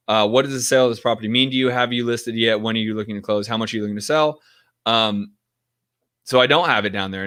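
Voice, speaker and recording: A man's voice: mid-range voice, sharp tone. A man teaching in a casual, direct way, often acting out sample phone calls to show what to say. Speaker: real estate investing coach.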